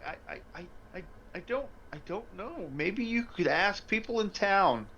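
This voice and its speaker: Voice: mid-range voice, animated, moderate pace, pushed and bright, slight background noise. A game master voicing a scared, stammering trapper accused by his village, denying everything, on a slightly muffled line. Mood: panicked. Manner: stammering, evasive.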